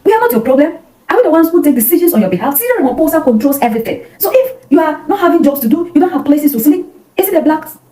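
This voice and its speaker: A woman's voice: high-pitched, mellow, roomy sound, poor audio. A woman commentator making an impassioned, indignant address, repeating rhetorical questions. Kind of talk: impassioned address to South Africans.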